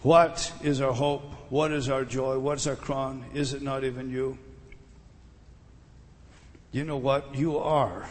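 A man's voice: medium pitch, little pitch movement, takes it slowly, pauses often, in a large hall. A middle-aged man preaching a sermon, emphatic, often repeating words and putting questions to his listeners. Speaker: pastor.

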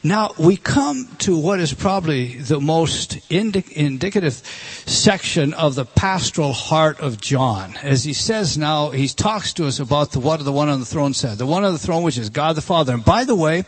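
A man preaching a sermon, emphatic and earnest, often dropping to a low, soft voice to drive a point home. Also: expressive, normal speed, breathy edge.

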